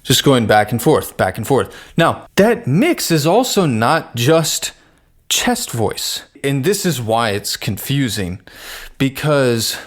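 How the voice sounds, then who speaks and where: A man teaching singing, explaining plainly and breaking into sung falsetto demonstrations. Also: big pitch swings, slow. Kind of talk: vocal lesson with sung demonstrations.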